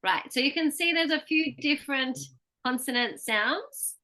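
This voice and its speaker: Australian female pronunciation coach; bright, slightly high voice; patient, models each word clearly. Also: lively intonation, unhurried. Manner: explains patiently, models words for repetition. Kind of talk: one-on-one pronunciation lesson.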